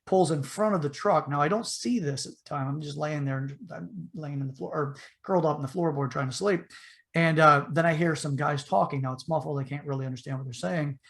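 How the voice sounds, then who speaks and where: His voice is gravelly, a little high and fairly quick as he tells a long, casual story on a podcast. He acts out the voices in an animated way, and his delivery wanders, with many fillers and false starts.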